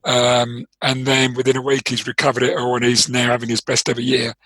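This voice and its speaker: London man, bright yet husky voice. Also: medium pitch, monotone, fairly quick, no room sound, low-quality recording. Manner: thoughtful, explanatory, with frequent restarts and repeated words. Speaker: trading performance coach, interview guest. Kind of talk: interview conversation.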